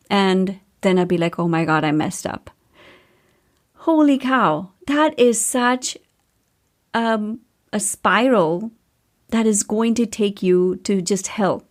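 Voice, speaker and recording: A woman's voice: medium pitch, a little mellow. A woman in her thirties hosting a podcast, talking candidly and casually with a storyteller's chatty flow. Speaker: podcast host and coach.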